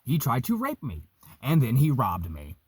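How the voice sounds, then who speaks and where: A young man casually telling a story, profane and animated, vaping as he talks. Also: mid-range voice, normal speed, slightly rough, no room sound. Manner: vaping while talking.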